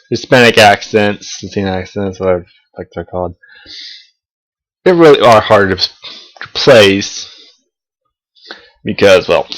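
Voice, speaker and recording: A man's voice: lowish voice, poor audio. Young adult male vlogger; loose, profane, meandering delivery with hesitant restarts. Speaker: college student vlogger. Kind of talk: casual talking-head vlog. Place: South of the United States.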